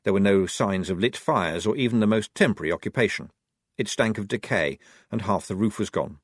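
A man reading a novel aloud as narrator, in an expressive, wry manner. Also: fairly low pitch, a little fast, dry recording, clean studio sound. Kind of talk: audiobook narration.

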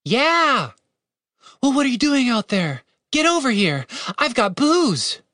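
A brash, hard-drinking young woman with a sarcastic, blunt tongue, as a male audiobook narrator puts her on. Her voice sits much higher than the reader's own, with lively swings in pitch. The recording is close and dry. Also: takes it slowly, no echo, heavily acted. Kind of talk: audiobook character voice.

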